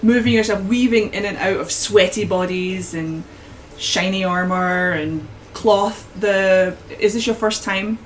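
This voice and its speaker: A woman narrating a tabletop game as game master, painting scenes at an unhurried pace with frequent restarts. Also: mid-range voice, slight background noise, rough recording.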